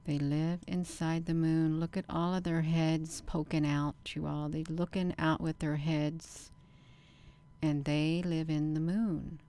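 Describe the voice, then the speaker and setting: A woman's voice: low voice, takes it slowly. A woman hosting her channel, giving casual commentary over camera footage, talking straight to her viewers and pressing her points with emphatic bursts. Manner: animated, repeatedly addresses viewers as "you all". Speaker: channel host.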